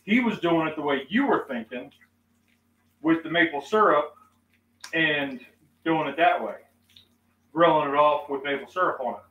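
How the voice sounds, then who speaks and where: Outdoors at a cookout, a middle-aged man who hosts a cooking channel tells a story animatedly, acting out quoted exchanges. His voice is a little high and a bit bright, at normal speed with long pauses, and the lo-fi recording is echoey, with a distant mic and faint ambience.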